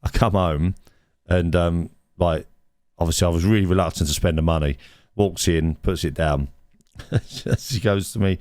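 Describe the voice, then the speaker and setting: A man's voice: low voice, normal speed, darkish tone, no echo, studio quality. A man co-hosting a casual podcast, rambling and restarting his sentences as he tells stories. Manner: rambling, repeats words, laughs at own stories. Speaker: podcast co-host. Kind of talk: casual banter. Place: indoors, recorded live.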